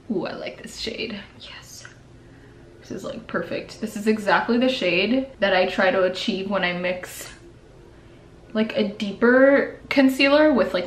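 A young woman chatting casually and playfully through a makeup tutorial in her apartment, laughing often. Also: medium pitch. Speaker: beauty vlogger. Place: apartment room. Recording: echoey room, faint background noise.

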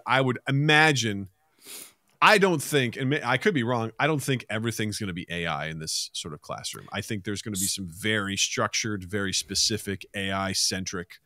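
A man co-hosting a podcast, chatting casually and telling animated stories, swearing freely. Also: lowish voice, no echo, clean studio sound. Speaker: podcast co-host. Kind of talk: casual chat.

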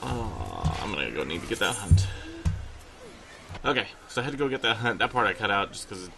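A man's voice: lowish voice, big pitch swings, a little fast, vocal fry, over music. A man hosting a gameplay video, rambling with lots of fillers. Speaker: gaming video host. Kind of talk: gameplay commentary.

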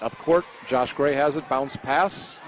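A man calling basketball play-by-play, mixing quick calls with chatty asides. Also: medium pitch, a little hiss or hum, low-quality recording. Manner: chatty calls mixed with banter. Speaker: play-by-play commentator.

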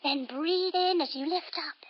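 A woman telling a story while leading a yoga lesson for children, slow, playful and sing-song, with sound effects. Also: very high-pitched, slight background noise. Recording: slightly dull lo-fi audio.

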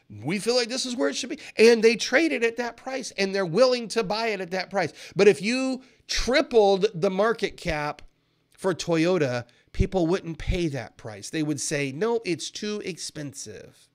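A man teaching a trading seminar in an animated way, laughing often and acting out traders' reactions. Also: high voice. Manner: animated, acts out traders' reactions in quoted voices; laughs often while explaining. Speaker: trading educator.

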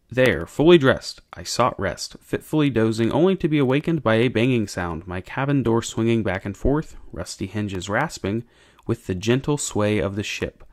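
A man, a teacher, narrating an audiobook chapter for his class in a measured, expressive way. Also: on the low side, no echo, studio quality.

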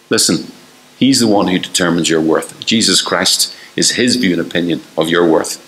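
A man's voice: sits low, normal speed, a bit bright, echoey room, poor audio. An older man preaching a fervent sermon, asking the listeners one rhetorical question after another and acting out the voices he quotes.

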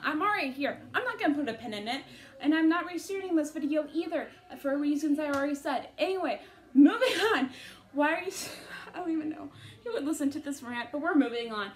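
A woman giving a casual, rambling book review to camera, full of fillers and self-interruptions. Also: high-pitched.

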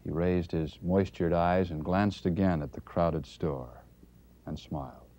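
A man delivering an earnest Christmas Eve commentary as a TV news commentator, reading a story in a measured way, on a dull lo-fi 1970s TV tape. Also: sits low, fairly even intonation, warm tone.

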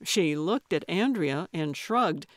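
A woman narrating a cozy mystery audiobook in measured, even storytelling on a close studio mic. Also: fairly low pitch, dry recording. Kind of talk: scripted narration.

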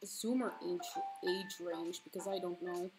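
A woman's voice: fairly low pitch, fairly even intonation, unhurried, over music, rough recording. A woman in her twenties chatting casually while drawing on stream, swearing freely and breaking into squealing laughs when flustered. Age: 20s. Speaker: streaming artist.

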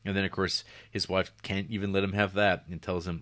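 Man, very low voice, dry close sound, podcast co-host, rambling plot retelling. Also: brisk, hardly any pauses, dry recording. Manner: rambling, animated retelling with acted-out quotes and laughs. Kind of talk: casual film review chat.

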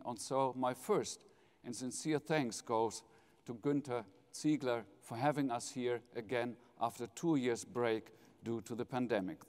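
A middle-aged man with a German accent giving a formal, lightly joking welcome speech as head of a foundation. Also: medium pitch. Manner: measured, jovial, polls the audience. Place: large university hall, live audience. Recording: reverberant hall.

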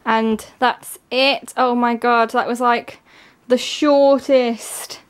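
A woman gushing excitedly through a casual unboxing, her voice strained and giving out. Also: fairly high pitch. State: voice giving out, coughing. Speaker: K-pop album unboxer.

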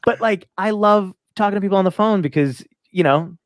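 Rambling, sweary podcast host, dry sound. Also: male voice, high voice, no echo. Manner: swears freely, quick rambling anecdotes with laughs. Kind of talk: casual chat.

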